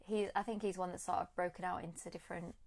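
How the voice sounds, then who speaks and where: A woman's voice: on the low side, fairly even intonation, fast, vocal fry, darkish tone. A woman co-hosting a casual podcast, chatty and giggly, full of "like". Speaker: podcast co-host. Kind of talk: casual chat.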